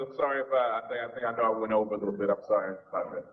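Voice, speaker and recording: A man's voice: medium pitch, fairly even intonation, a little fast. A pastor in his forties with a Southern US accent, teaching a church seminar in a folksy, informal way. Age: 40s. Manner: folksy, informal preacher's talk. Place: church sanctuary. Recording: echoey, dull church recording.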